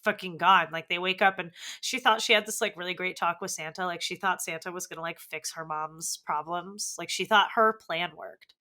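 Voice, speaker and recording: A woman's voice: lowish voice, a little fast, few pauses, sharp tone. A woman co-hosting a podcast, chatting casually and animatedly about films, swearing and acting out characters' lines. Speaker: podcast co-host. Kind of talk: casual film review chat.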